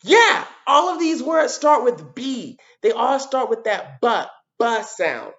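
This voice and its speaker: Female teacher, lively pitch, sounds out letters for kids, dull lo-fi video audio. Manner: animated, sounds out letters, repeats words slowly for children. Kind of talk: children's lesson on video.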